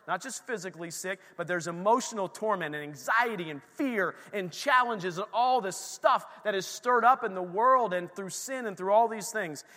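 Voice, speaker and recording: A middle-aged male pastor preaching in a bright, forceful voice that rings out with long reverb in a large church hall. He swings from emphatic declarations to quiet, hushed storytelling, with his voice sitting a bit high for a man. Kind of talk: sermon.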